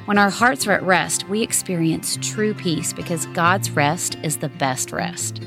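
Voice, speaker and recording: A woman in her thirties hosting a family prayer and meditation time, speaking slowly and encouragingly to her son. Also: fairly low pitch, over music. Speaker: host of family devotional. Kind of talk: gentle guided family devotional.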